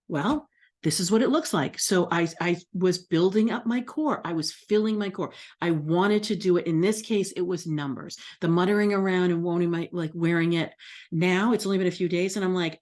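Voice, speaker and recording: A woman's voice: fairly low pitch, normal speed, a little mellow. A middle-aged woman astrology coach talking casually to her audience, acting out her own self-talk.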